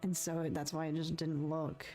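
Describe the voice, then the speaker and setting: A young adult woman chatting casually on a live stream as she paints, expressive and talkative, swinging between frustration and giddy relief. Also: deep voice, normal speed, faint music behind.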